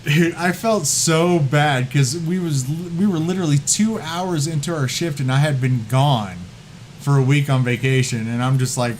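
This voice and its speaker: A man's voice: fairly high pitch, normal speed, a little mellow, slight background noise. A man hosting a casual podcast, telling stories with lots of swearing and laughter and acting out what people said. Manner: profane, laughing storyteller who acts out quotes. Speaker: podcast host.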